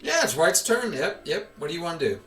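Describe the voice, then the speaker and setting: A man's voice: fairly high pitch, big pitch swings, a little fast, fairly bright tone, soft background music. A man teaching a chess lesson, patiently quizzing his student with questions, recorded with room echo from a distance.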